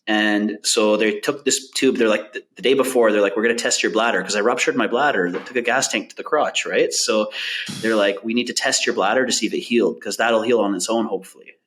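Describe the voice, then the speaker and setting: A man's voice: on the low side, a little fast, a bit bright, slight background noise. A man, a podcast guest, in casual chat, telling stories with laughter and acting out quoted voices. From Canada. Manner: laughing storyteller, acts out quotes.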